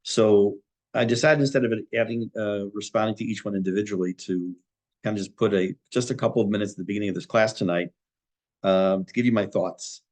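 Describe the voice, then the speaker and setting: A middle-aged man, a rabbi giving a Torah class, talking thoughtfully many pauses and restarts. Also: fairly low pitch, a little mellow.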